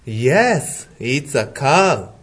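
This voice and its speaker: A man leads a basic English lesson for young learners at a very slow, deliberate pace. His voice sits at an ordinary middle pitch, and he speaks clearly and patiently. He mimics animal sounds as he teaches. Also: big pitch swings, a bit bright.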